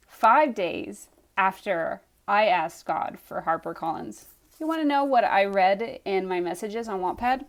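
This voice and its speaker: A young woman telling a personal story in a casual, animated way, acting out her own reactions as she goes. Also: medium pitch, measured pace.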